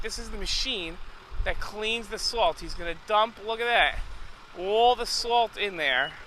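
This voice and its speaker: Man, children's show host, high-pitched, bright forceful tone, enthusiastic, repeats phrases for kids. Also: a little hiss or hum. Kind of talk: children's educational show hosting. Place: alone in a recording space.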